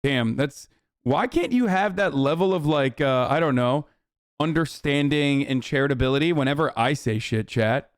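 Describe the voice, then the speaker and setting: A man's voice: a little high, animated, normal speed, no room sound, studio quality. A man streaming live political commentary, rambling and emphatic, with heavy swearing.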